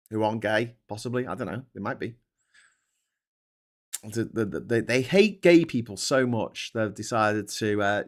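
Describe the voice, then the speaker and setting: Sweary rambling man. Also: lowish voice. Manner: sweary, rambling, sarcastic, with many restarts. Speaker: host. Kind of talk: casual live-stream commentary.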